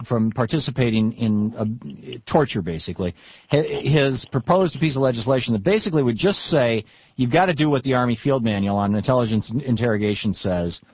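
Husky-voiced man hosting talk radio. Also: medium pitch, no echo. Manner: opinionated, quick to argue. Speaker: radio talk show host. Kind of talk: radio talk show chat. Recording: dull, dry studio sound.

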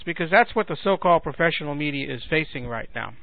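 A man with a fairly high voice rants in an indignant, sarcastic monologue, circling back and repeating himself as he builds his point. The sound is dry and squeezed into a thin, telephone-like band, like talk radio. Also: lively intonation, fast, vocal fry, no echo. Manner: sarcastic, indignant, repeats words while thinking. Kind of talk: political commentary monologue.

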